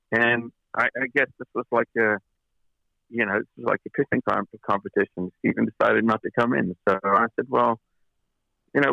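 A man's voice: medium pitch, gravelly, dry recording, lo-fi sound. A man, a record producer as an interview guest, telling long anecdotes with many fillers and restarts. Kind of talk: interview storytelling.

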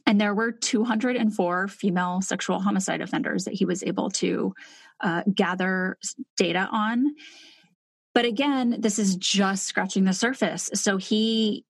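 A woman's voice: medium pitch, vocal fry, dry recording. Woman explaining casually with many fillers. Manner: thinks aloud, many fillers and restarts. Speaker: podcast co-host.

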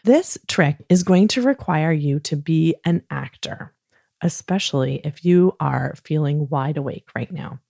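Woman, bedtime host for children, soothing, low pitch, dry close sound. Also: animated, creaky, no room sound. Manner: soft, slow, soothing, playfully acts out yawns. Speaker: host of a kids bedtime podcast. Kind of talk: gentle bedtime talk to children.

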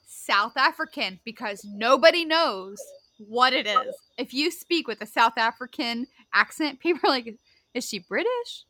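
Woman, podcast co-host, high lively voice, slow easy pace, dry close sound. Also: no room sound. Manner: playful, laughs often, tries silly accents. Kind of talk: casual chat.

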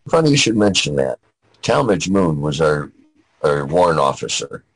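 An older man with an extremely deep, husky voice recounts his wartime memories. He speaks plainly and haltingly, often restarting a sentence before he finds his way through the story. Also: big pitch swings, low-quality recording. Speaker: veteran guest.

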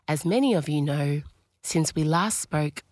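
Australian woman, forties, podcast host, slightly hoarse, lowish voice, dry close sound. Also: a little slow, a little mellow, no room sound. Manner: chatty, self-mocking. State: recovering from illness, a bit hoarse. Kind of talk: casual chat intro. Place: home, under a doona.

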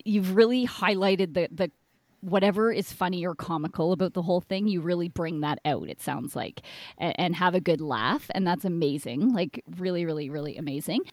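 A woman's voice: lowish voice, fairly quick, no echo. A woman co-hosting a casual interview, reflecting on what the guest said and thinking aloud. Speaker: podcast co-host.

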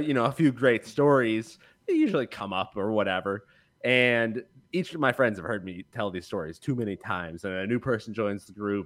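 A man's voice: medium pitch, fairly bright tone. Man, podcast co-host, dry teasing remarks, casual talk. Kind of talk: casual chat.

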